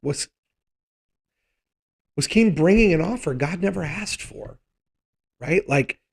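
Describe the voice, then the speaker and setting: A man's voice: high-pitched, animated, slow, gravelly, breathy edge. A man teaching a live Bible study, conversational and thinking aloud, often checking in with rhetorical questions.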